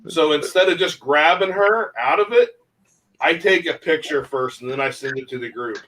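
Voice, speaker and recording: A man, a guest on a casual talk show, chatting in an easygoing, slightly halting way. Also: a little high, a bit bright, poor audio. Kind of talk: casual chat.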